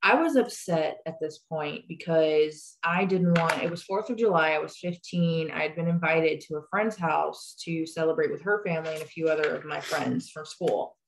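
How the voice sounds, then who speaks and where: A young woman telling a story on a casual podcast in a dry, deadpan way. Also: deep voice, moderate pace, vocal fry, few pauses, slight background noise, rough recording. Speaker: podcast co-host, the host's daughter. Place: home, over a video call.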